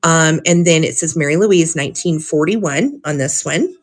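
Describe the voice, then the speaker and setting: Hosting a live vintage sale, a woman with a low voice talks at a moderate pace, casually chatting. She reads old cards aloud, gushing over them and giggling a lot.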